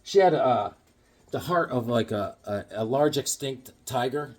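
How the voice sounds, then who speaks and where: A man from Connecticut casually chatting about his comic books, rambling along and telling deadpan tall tales with jokes between them. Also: medium pitch, a little slow. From Connecticut, USA. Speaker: comic book vlogger.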